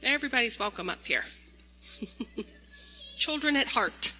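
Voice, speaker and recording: Woman pastor, gentle children's storyteller, very bright tone, long church reverb. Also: a little high, lively intonation, measured pace. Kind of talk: children's sermon. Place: large church sanctuary. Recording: echoey church hall.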